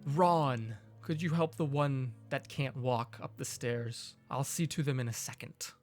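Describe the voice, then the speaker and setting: A man voicing a frail ancient elf, slow and solemn. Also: medium pitch, faint music behind, close to an everyday voice. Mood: solemn welcome. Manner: slow, gentle, formal.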